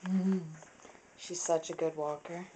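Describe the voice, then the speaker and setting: A woman's voice: on the low side, fairly even intonation, a little slow, mellow, a little hiss or hum. A woman filming her toddler at home on a handheld camera, coaxing the child in sing-song baby talk and repeating short phrases.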